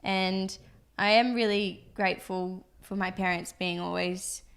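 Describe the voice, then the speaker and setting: A woman's voice: medium pitch, steady tone, a little slow, vocal fry, fairly bright tone, clear, resonant tone. A young adult woman co-hosting a podcast, chatting casually and rambling with lots of fillers. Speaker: podcast co-host, business co-founder. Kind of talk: casual chat.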